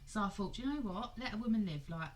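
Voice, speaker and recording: A woman's voice: medium pitch, fast talker, slight background noise, rough recording. A woman in her thirties co-hosting a podcast, telling stories with a lot of swearing and laughter. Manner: animated storyteller, swears freely, laughs a lot. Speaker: podcast co-host. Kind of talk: casual chat.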